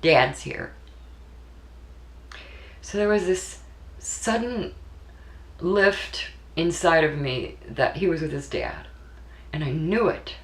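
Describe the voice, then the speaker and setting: A mother telling a deeply personal story in an earnest, emotional way, often repeating her words. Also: animated, takes it slowly. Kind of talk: personal spoken recollection. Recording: echoey room recording.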